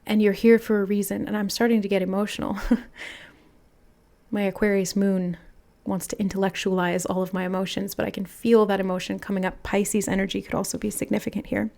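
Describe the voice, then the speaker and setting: Soft-spoken woman giving a tarot reading. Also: medium pitch, level tone, brisk, creaky. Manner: musing, soft-spoken, channeling aloud. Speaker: tarot reader. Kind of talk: intuitive spiritual reading.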